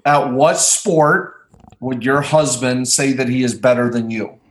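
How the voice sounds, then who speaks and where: A man's voice: medium pitch, unhurried, reverberant. A man hosting a casual couples quiz game, playful and laughing often as he asks questions. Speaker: host.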